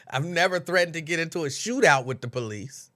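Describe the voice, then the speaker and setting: A man hosts a casual late-night livestream. His voice sits a little high, bright and forceful. He talks in loose, animated bursts and keeps repeating lines. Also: measured pace. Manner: animated, laughing, repeats lines, mimics others. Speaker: host.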